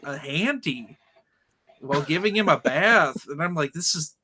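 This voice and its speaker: A man's voice: fairly high pitch, animated, measured pace, background noise. A man hosting a casual podcast discussion, chatty and opinionated, rambling through asides. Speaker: podcast host. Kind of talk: casual chat.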